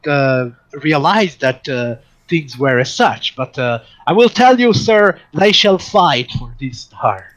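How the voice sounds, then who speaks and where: Vain flamboyant old showman, grand theatrical speech, slow and deliberate, voiced by a man. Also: on the high side, rough recording. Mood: pompous. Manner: theatrical, pompous flattery.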